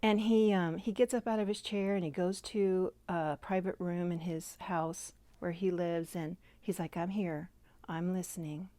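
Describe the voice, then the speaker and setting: A woman giving a heartfelt personal faith testimony, speaking earnestly and gently, sometimes dropping to a soft half-whisper. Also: lowish voice, fairly even intonation, a little slow, few pauses, dry recording. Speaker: Christian devotional speaker.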